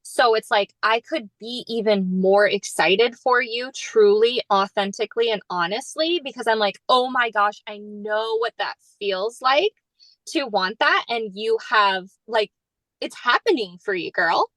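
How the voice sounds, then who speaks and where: A woman with a fairly high voice chats on a podcast, spinning her story animatedly and sprinkling in "like" constantly. The sound is dry and close, with no room around her. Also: a little slow, dry recording, low-quality recording. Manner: animated storyteller, heavy use of "like", jumps high when quoting others. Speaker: podcast co-host. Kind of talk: casual podcast chat.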